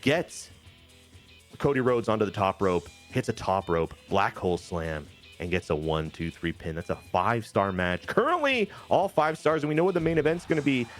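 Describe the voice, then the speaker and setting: A man casually recapping wrestling matches from a video game, in an animated, jokey play-by-play way. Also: fairly low pitch, normal speed, soft background music. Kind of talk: casual gaming chat.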